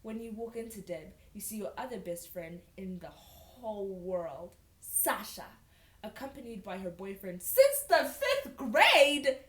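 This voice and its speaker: A woman's voice: medium pitch, measured pace, a little mellow. A young woman reading old fan fiction aloud with sarcastic, incredulous asides, in an echoey room. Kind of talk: mocking dramatic reading.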